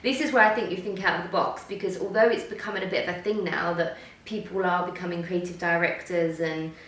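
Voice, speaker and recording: A woman's voice: on the low side, fairly even intonation, fast, a bit bright. A woman hosting a casual chat, talking chattily with many fillers and frequent laughs. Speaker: host. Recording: roomy sound from some distance, faint background noise.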